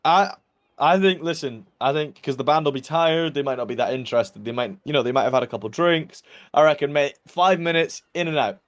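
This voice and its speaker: A man's voice: on the high side, fairly quick. A man playing in a tabletop game, talking in character in a chatty, easygoing, persuasive way. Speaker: player. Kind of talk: casual in-character chat.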